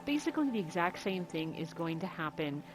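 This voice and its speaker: A woman's voice: lowish voice, big pitch swings, fairly quick, background noise. A woman hosting a game walkthrough in casual, chatty commentary over game music. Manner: chatty, rambling. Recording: game music playing behind.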